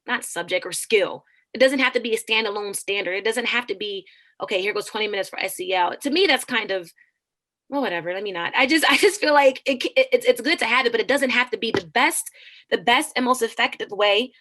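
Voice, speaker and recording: Bright-voiced earnest woman teacher. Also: medium pitch. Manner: earnest, animated, preaching tone with frequent restarts. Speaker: teacher and author, guest. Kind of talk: conversational interview.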